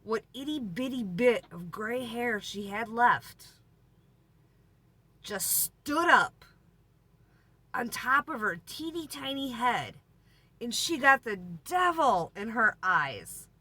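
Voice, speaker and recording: A woman's voice: fairly high pitch, sing-song, slow, bright, forceful tone, husky. A woman RV vlogger telling a story in a chatty, laughing, exaggerating way. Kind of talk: story time vlog.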